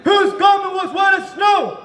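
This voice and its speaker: Very high-voiced man reading scripture aloud. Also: a little slow. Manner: loud, declaiming. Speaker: scripture reader. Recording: echoey and roomy, crowd behind.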